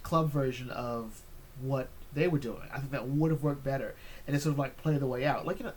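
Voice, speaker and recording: A man's voice: mid-range voice, normal speed, a little hiss or hum. Rambling man reviewing an episode. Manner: rambling, full of fillers and restarts. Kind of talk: casual review chat.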